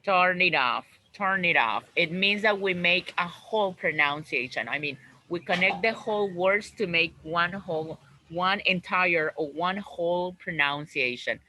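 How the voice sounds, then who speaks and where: A man teaching an English class over a video call, slowly repeating words and phrases for his students. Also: high-pitched, bright, forceful tone, slight background noise, rough recording.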